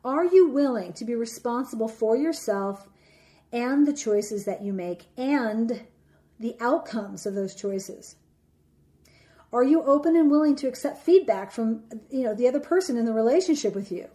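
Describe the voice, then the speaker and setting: A woman giving a reflective teaching talk about relationships, speaking in a measured, deliberate way and slowing down for emphasis. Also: fairly high pitch, lively intonation, mellow.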